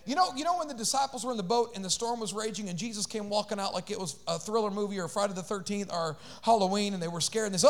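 A man preaching a sermon as pastor, swinging between shouted exhortation and quiet asides, calling out to his congregation. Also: high voice, quick pace, hardly any pauses. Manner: animated preaching, shifts between shouting and hushed asides, call-outs to congregation.

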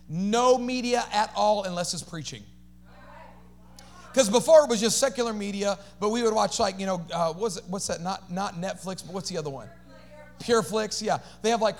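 A pastor preaching an energetic sermon, calling on the congregation to repeat phrases and dropping casual slangy asides. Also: male voice, high-pitched. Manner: animated preaching with call-and-response to the congregation.

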